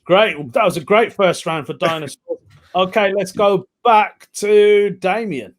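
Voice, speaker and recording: A man hosting an online pun competition over a video call, with a voice pitched a little higher than most. He is chummy and laughs easily, and he calls the contestants mate. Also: measured pace. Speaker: host.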